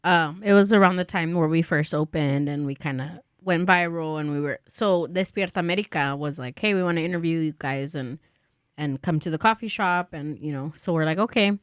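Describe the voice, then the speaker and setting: A woman's voice: low-pitched, fairly quick, few pauses, clear, resonant tone, no echo, clean studio sound. A woman telling a rambling story in casual podcast talk, with lots of fillers and laughter.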